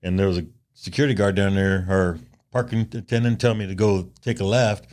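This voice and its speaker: A man's voice: deep voice, steady tone, a little fast, a little mellow. An older man co-hosting a podcast, telling a long casual anecdote with lots of "you know" and chuckles. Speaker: podcast co-host. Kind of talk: casual storytelling chat.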